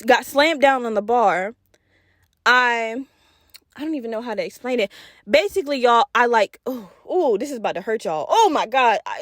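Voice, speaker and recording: A woman's voice: a little high, dry recording, studio quality. A woman in her twenties hosting a podcast, telling a story animatedly, cursing freely and talking straight to her listeners. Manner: animated, profane, addresses listeners directly. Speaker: podcast host. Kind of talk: casual storytelling.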